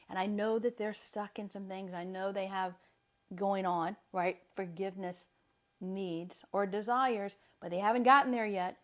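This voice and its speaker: A woman's voice: mid-range voice, dull audio. A woman with a light Southern accent, giving a chatty, upbeat live talk as a wellness coach. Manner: chatty, upbeat, laughs often.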